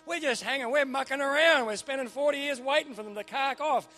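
A middle-aged Australian man preaching a sermon in a church, animated and joking with punchy repeated phrases. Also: extremely high pitch, fairly quick. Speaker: pastor.

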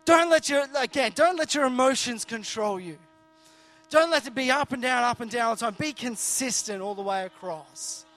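A man's voice: very high-pitched, moderate pace, a bit bright. A man preaching a conversational sermon, earnest and jokey, often restarting his sentences.

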